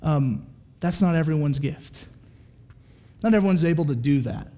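A man preaching a sermon in a casual, animated way, often checking in with his listeners. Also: on the high side, normal speed. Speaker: pastor.

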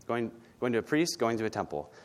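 A man's voice: mid-range voice, sing-song, fairly quick. Blunt, conversational male preacher. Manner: blunt, conversational, tag questions. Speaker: pastor. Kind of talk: sermon.

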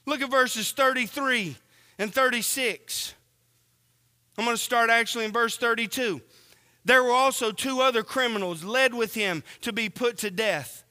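A man preaching a sermon, slow and earnest, asking the congregation questions as he reads from scripture. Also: very high voice, pushed and bright, smooth, in a large hall.

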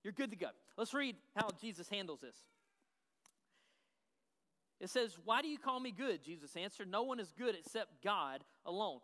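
A man's voice: high-pitched, animated, normal speed, pauses often, sharp tone. A man preaching a sermon as pastor, emphatic and repeating his key phrases. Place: church sanctuary. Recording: long reverb of a large hall.

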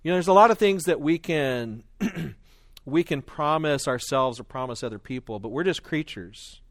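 A man teaching a Bible study and reading scripture aloud, earnest and explanatory, often clearing his throat between fillers and restarts. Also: fairly high pitch, lively intonation, moderate pace, no room sound, clean studio sound. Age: adult with children.

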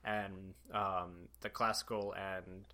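Bright-voiced young man rambling. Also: low-pitched, level tone, slow pace. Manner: rambling, laughs often, many fillers. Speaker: podcast host. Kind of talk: casual chat.

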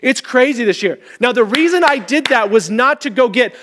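A man with a high voice preaches a sermon, lively and chatty, slipping into acted voices as he tells stories. His words ring out with a long reverb across a large church hall. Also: normal speed, slight background noise. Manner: animated, conversational, acts out voices. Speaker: pastor.

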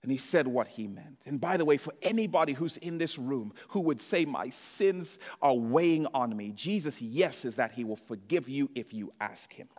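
A man preaching a sermon as pastor, swinging between loud emphatic lines and hushed ones. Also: mid-range voice, expressive, moderate pace, few pauses. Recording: echoey hall reverb.

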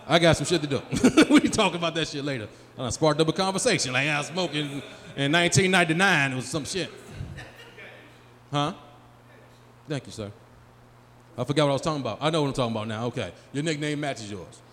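On a handheld mic at a live comedy venue, a man in his forties does a loose, profane set and banters with the crowd. His pitch is fairly high and his tone fairly bright. Live room reverb and faint crowd noise come through in the recording.

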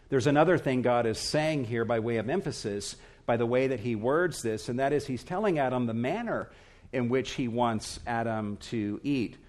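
A man preaching an expository sermon, earnest and emphatic, speaking in short, measured phrases. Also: mid-range voice, darkish tone. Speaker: pastor.

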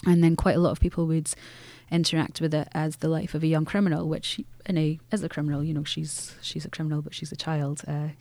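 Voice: medium pitch, flat delivery, fast talker, hardly any pauses, warm tone, dry recording. An author speaking earnestly in an interview, often restarting phrases and using fillers. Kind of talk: reflective interview talk.

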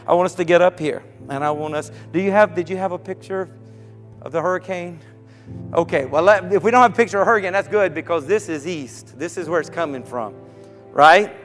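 High-voiced preacher man in a reverberant hall. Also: fairly quick, faint music behind. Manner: dramatic swings from soft to shouting. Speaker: pastor. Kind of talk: sermon.

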